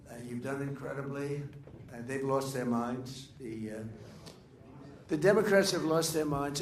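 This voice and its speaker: At a political dinner, an older man with a medium-pitched voice gives rambling, boastful, anecdotal after-dinner remarks off the cuff. The large dining room sounds echoey with faint ambience, and there's a little hiss or hum.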